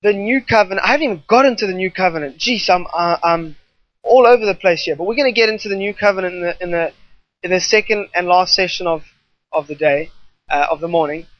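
A fast-talking preacher with a medium-pitched voice delivers an emphatic sermon, relying on repetition and wandering into spontaneous asides. The recording is dry with no echo or room sound, and its tone is slightly dull and muffled.

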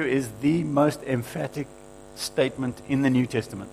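A man's voice: medium pitch, fairly even intonation, normal speed, gravelly, a little mellow, a little hiss or hum, poor audio. A man preaching a sermon, emphatic and repetitive, quoting scripture with rising force and asking the room for agreement.

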